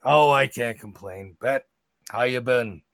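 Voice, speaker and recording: A man's voice: mid-range voice, measured pace, creaky, a bit bright, no echo, clean studio sound. Man doing a laid-back hulking bugbear. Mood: friendly. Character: huge male bugbear, easygoing barfly.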